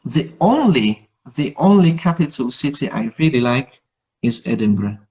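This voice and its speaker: A man's voice: fairly high pitch, expressive, normal speed, darkish tone, highs cut off. A man whose first language is Hungarian, hosting a casual chat in English and keenly repeating his words. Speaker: host, English teacher.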